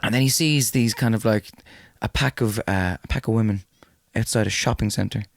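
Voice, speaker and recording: A man's voice: lowish voice, normal speed, vocal fry, dry recording, studio quality. A young man co-hosting a podcast, telling rude jokes in casual chat with laughing asides. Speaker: podcast co-host. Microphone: close podcast mic.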